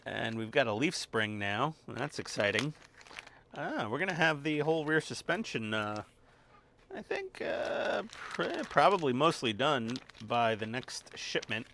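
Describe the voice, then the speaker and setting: A man's voice: mid-range voice, animated, a little slow, sharp tone, a little hiss or hum. A man casually narrating step by step as he builds a model at his home workbench, with wry asides and muttered instructions. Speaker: hobby model-building channel host. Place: home workbench with a dog nearby.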